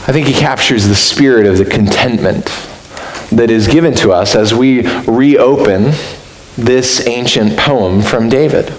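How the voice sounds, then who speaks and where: Earnest pastor in a roomy hall. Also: male voice, unhurried. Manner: earnest, reflective, rises in pitch for emphasis. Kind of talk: sermon. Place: church sanctuary. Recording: roomy echo with faint hiss.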